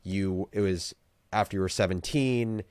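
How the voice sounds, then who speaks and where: Deep-voiced male interviewer, dry sound. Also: a little mellow, no room sound. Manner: measured, summarizing questions. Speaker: podcast host. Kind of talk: interview conversation.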